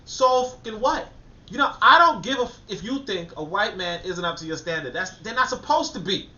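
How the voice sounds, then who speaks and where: Male livestream host, ranting and swearing; tense, bright voice, muffled and set back from the mic. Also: high voice, expressive, brisk. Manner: blunt, ranting, swears, slangy asides. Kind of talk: casual commentary. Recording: echoey, distant, muffled.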